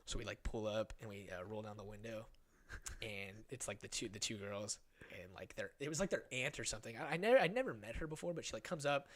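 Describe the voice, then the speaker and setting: A young man in his twenties, a podcast guest telling a story in casual chat, animated and swearing a lot, acting out the voices of people in it. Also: lowish voice, quick pace.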